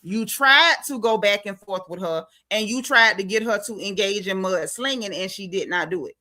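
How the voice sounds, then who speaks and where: A woman's voice: medium pitch, normal speed. A woman hosting a reality TV recap, talking casually and emphatically. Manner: animated, emphatic, talks straight to the cast members.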